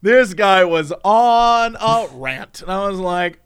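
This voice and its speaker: A man in casual chat, telling an anecdote in an animated way with quick asides and chuckles. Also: high-pitched, clean tone.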